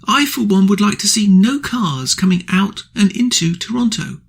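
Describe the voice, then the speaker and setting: A man hosts a radio show, ranting through an indignant opinion monologue. His voice sits fairly high for a man. It has a rough, gravelly texture and a husky grain. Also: expressive, moderate pace. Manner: ranting, indignant, blunt insults. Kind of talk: angry political opinion monologue.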